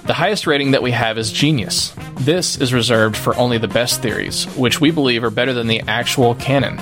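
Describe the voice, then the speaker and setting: A man co-hosting a podcast, calmly explaining in casual chat. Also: medium pitch, brisk, music in the background. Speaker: podcast co-host.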